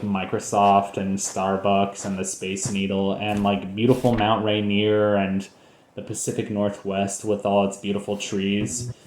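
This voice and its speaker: Let's play host, male, lower voice, rambling jokey commentary, echoey room. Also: darkish tone, slight background noise. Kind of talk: casual gameplay commentary.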